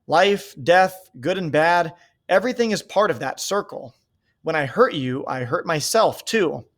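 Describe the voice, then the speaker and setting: A man's voice: on the high side, lively intonation, measured pace, a bit bright. A man doing an earnest, remorseful teenage boy. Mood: pleading. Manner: earnest, pleading.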